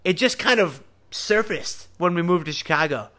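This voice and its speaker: This man's high voice moves at a normal speed. He hosts a podcast and speaks casually but earnestly about faith, addressing his audience directly with animation and a Southern American drawl.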